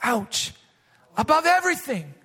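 Pastor guy w a very high bright voice, preaching, big church reverb. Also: sing-song. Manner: impassioned preaching, swells to shouts then drops soft; drawn-out emphatic reading of scripture. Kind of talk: sermon. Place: church sanctuary. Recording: long reverb of a large hall.

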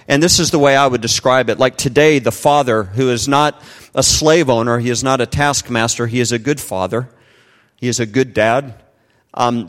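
A middle-aged man preaching a sermon, earnest and emphatic, often asking the congregation rhetorical questions. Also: medium pitch. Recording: long hall reverb.

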